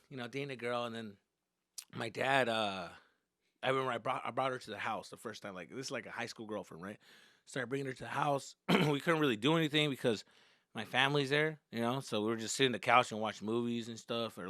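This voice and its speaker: A man's voice: mid-range voice, a bit bright, no echo, clean studio sound. A male comedian telling casual, profane childhood stories and slipping into Spanish at times. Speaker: stand-up comedian. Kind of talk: comedic storytelling.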